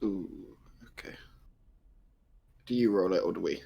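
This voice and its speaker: A man's voice: low voice, unhurried, gravelly, slightly rough, dull audio. A man playing in a tabletop role-playing game, chatting casually and asking the game master questions. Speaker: player.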